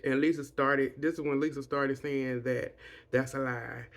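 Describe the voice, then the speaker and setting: A man's voice: mid-range voice, fairly even intonation, normal speed. A man casually retelling a reality show reunion and giving his blunt, profane opinions, rambling with restarts. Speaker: reality TV recap vlogger.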